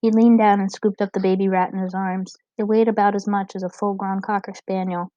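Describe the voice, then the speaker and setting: A woman's voice: medium pitch, little pitch movement, a little fast, dark tone, no room sound. Woman reading an audiobook, dry sound. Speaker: audiobook narrator. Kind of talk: audiobook narration. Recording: dull, dry lo-fi recording.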